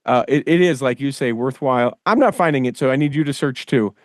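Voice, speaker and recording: A man's voice: medium pitch, a little fast, no room sound, clean studio sound. A man hosting a podcast in casual chat, rambling and thinking aloud with many fillers. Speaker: podcast host.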